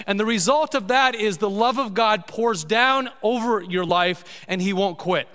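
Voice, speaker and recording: A pastor with a high, bright voice delivers a sermon to his church. He leans on key words and draws them out slowly. The sound carries the long reverb of a large hall. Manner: emphatic preaching, slowing down to stress key words. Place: church sanctuary.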